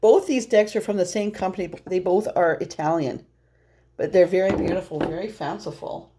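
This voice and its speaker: A woman's voice: lowish voice, moderate pace, noisy background. A woman doing a casual, rambling tarot reading, chatty and laughing often. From Norwegian heritage. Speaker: tarot reader.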